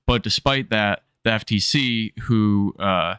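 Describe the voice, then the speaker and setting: Nasal male streamer, slow and low-pitched, smooth tone, rambling casual commentary with swearing. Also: a bit bright, dry recording, clean studio sound. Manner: rambling, self-interrupting, sprinkled with profanity.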